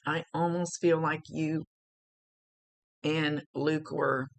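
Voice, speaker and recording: A woman's voice: low voice, flat delivery, takes it slowly, creaky. A middle-aged woman giving a recorded psychic reading in a chatty, emotional, blunt way, swearing freely. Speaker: psychic medium.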